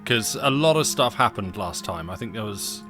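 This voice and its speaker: A man co-hosting a let's-play stream, chatting casually and narrating a visual novel in a relaxed, hesitant way. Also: fairly low pitch, moderate pace, faint music behind. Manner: relaxed, hesitant, many ums, laughs easily.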